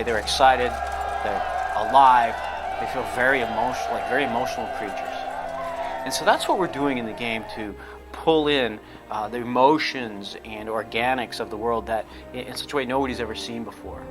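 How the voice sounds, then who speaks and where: A man's voice: medium pitch, fairly quick. A man, a game developer, narrating gameplay footage in a casual, enthusiastic way with punchy exclamations. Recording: loud background noise.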